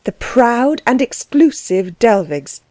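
A woman narrating a novel aloud in a measured, expressive reading. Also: on the high side, no echo. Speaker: audiobook narrator.

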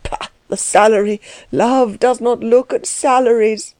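A woman voicing an agitated, indignant young male tutor who bursts out in trembling, shrill tirades. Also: fairly even intonation, unhurried, a little mellow, no room sound, natural voice. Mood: furious.

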